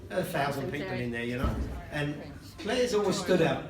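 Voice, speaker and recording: His voice is a little high, with lively intonation and a moderate pace, and crowd noise fills the background. As father of the bride, this older man cracks jokes at his own expense and chuckles between lines in an echoey reception hall, recorded from a distance.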